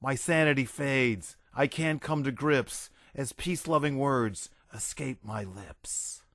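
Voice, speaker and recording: A man's voice: medium pitch, slow pace, a bit bright, no room sound, clean studio sound. A man voicing a blustering, raving army general who bellows and rants. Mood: ranting verse. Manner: bellowing, ranting, unhinged.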